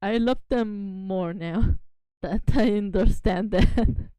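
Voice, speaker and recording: Casually chatting on a home VTuber livestream, a native Spanish-speaking woman takes her time, speaking slowly in a clean, mid-range voice. She's excitable and giggly, often apologizing. The recording is dry.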